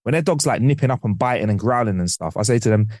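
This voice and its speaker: A man's voice: mid-range voice, fast talker, no echo, clean studio sound. A man co-hosting a podcast in casual, slangy chat, acting out what people say. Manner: animated, slangy, acts out quotes. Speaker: podcast co-host.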